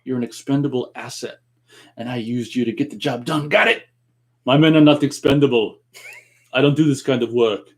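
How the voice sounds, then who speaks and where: Man doing a gruff action-hero impression. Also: mid-range voice, fairly even intonation, a little fast, lightly acted. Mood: gruff, commanding. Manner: gruff barked movie lines, laughing through them. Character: tough muscular male action hero, gruff and commanding. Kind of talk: celebrity impression.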